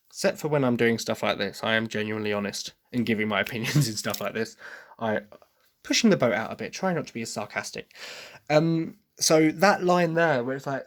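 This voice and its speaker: An English man talks through his views in a loose, casual monologue at a desk. His voice sits at an ordinary middle pitch for a man. He is opinionated yet apologetic, restarting sentences as he thinks aloud. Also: brisk. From Britain. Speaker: podcast host. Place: at a desk with written notes.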